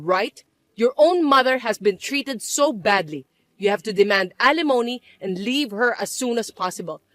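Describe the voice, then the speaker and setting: A woman voicing a scheming, bossy middle-aged mother-in-law who talks in a shrill, accusing way. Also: a bit bright, no room sound, full character voice. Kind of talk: dramatized story voice acting.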